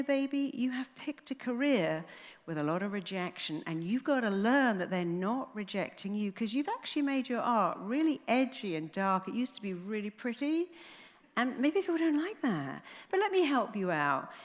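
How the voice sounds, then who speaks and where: A middle-aged woman, a therapist telling a story on stage with animated delivery and acted-out quotes. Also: fairly high pitch, moderate pace. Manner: animated, acts out quoted voices. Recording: long hall reverb.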